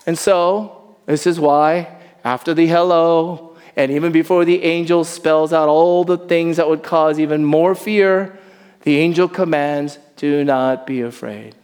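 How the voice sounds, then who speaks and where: Male pastor, high-pitched, lively sermon delivery, long church reverb. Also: clean tone. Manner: animated preaching, slowing to soft emphasis. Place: church sanctuary.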